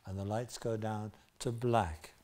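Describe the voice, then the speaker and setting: An older man with a Liverpool accent spins lively anecdotes on a theatre stage. His voice is mellow and warm, his delivery animated, with plenty of asides to the audience. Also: lowish voice, measured pace. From Liverpool, England. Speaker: guest storyteller.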